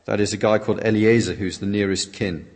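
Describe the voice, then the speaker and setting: A man's voice: on the low side, fairly even intonation, fairly quick, darkish tone. A man preaching a sermon that is interpreted line by line, reading his quotations out dramatically. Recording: long reverb of a large hall.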